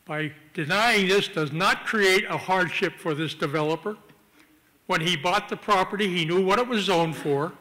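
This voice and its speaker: A man's voice: high-pitched, sharp tone, big-room sound, rough recording. A man giving earnest testimony at a city council hearing, reading from the code book. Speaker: public commenter. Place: council chamber.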